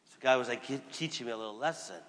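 A man's voice: mid-range voice, quick pace, fairly bright tone. A male Catholic priest preaching a sermon, telling a story conversationally and voicing the people in it. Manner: storytelling with voiced quotes, conversational. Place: church. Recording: long church reverb.

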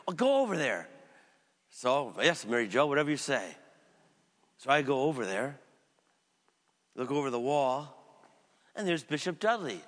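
Middle-aged male pastor, bright, slightly high voice, long church reverb, story-driven sermon. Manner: storytelling, swings from loud emphatic to quiet and low.

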